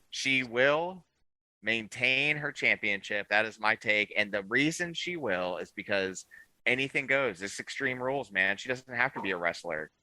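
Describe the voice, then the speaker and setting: A man co-hosting a podcast in casual chat, telling his takes as an animated storyteller who swings his voice up and down. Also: medium pitch, dry recording, rough recording. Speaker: podcast co-host.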